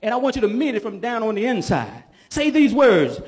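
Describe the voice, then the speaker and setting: A man, a bishop, preaching a sermon in church, calling for responses from the congregation and building up to shouts. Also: sits high, sing-song, brisk.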